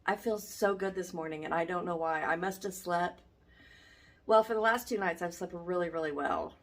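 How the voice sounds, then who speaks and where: A woman vlogs into her phone in an easygoing, rambling way. She fills her talk with ums and speaks in a relaxed, everyday tone. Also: on the low side, moderate pace. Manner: chatty, rambling, many ums. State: a little out of breath. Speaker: vlogger. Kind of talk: casual vlog chat. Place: home indoors, then outdoors on a run. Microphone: handheld phone.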